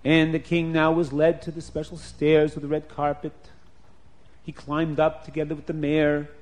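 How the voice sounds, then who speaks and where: High-voiced man telling a children's story. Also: moderate pace. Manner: animated, repetitive, with sound effects.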